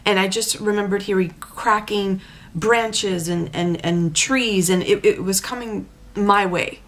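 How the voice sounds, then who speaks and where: Woman telling a frightening dream story. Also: mid-range voice. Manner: animated, halting with many restarts and repeats. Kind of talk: casual personal storytelling.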